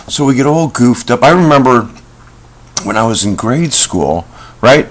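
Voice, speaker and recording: Middle-aged man as a self-help vlog host, rambling and folksy, pitch that rises and falls a lot. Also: big pitch swings, measured pace. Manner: rambling, folksy, with many fillers and asides. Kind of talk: casual talk to camera.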